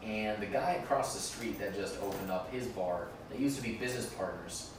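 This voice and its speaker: A man's voice: lowish voice, brisk. A man hosting a casual podcast, telling stories with a laugh and the odd swear word. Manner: animated storyteller, laughs often, swears. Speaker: podcast host. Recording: roomy room, distant mic, faint noise.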